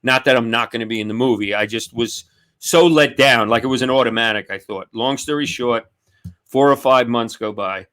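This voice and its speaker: A man's voice: medium pitch, normal speed, fairly bright tone. A man with a New York accent telling a story animatedly on a video call, swearing and acting out quoted voices. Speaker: comedian guest. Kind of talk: casual storytelling chat.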